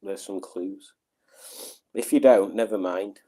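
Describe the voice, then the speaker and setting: A middle-aged man, hosting a livestream at home in a relaxed, rambling, self-deprecating way while reading out viewer comments. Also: low voice, slow. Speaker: livestream host.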